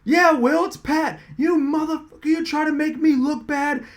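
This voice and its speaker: A man's voice: very high-pitched, fairly even intonation, normal speed, pitched above the performer's own voice. A man acting out a furious middle-aged football head coach who screams and swears over the phone. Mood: screaming. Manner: screaming, profane, cussing out.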